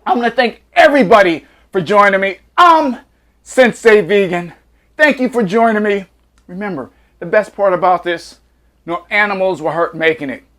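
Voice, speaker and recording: A man's voice: sits high, lively intonation, normal speed, fairly bright tone. A man hosting a home cooking vlog, hyped and slangy, drawing out catchphrases while taste-testing in his kitchen. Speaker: cooking show host.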